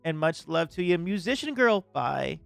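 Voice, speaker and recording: A man chatting casually as a livestream host, relaxed and rambling, with lots of filler words. His voice is smooth and sits a little high, recorded dry and close. Faint music plays underneath. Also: moderate pace, no room sound.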